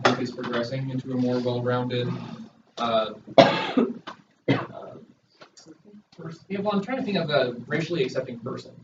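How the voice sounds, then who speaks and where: A man's voice: medium pitch, background noise. Young student guy rambling about a book, stumbling for words, far from the mic. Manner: halting, searching for words, restarts. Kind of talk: casual book commentary. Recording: distant, echoey, dull room recording.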